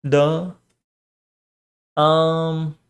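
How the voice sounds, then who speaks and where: A man's voice: on the high side, completely flat delivery, very slow, clean tone. A man streaming and chatting casually, reading chat, swearing often and rambling between topics.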